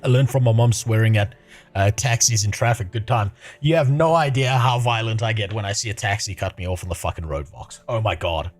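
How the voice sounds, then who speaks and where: A South African man in his thirties livestreams casual chat, swearing freely and laughing often as he talks. His voice is fairly low and brisk, with faint music behind it.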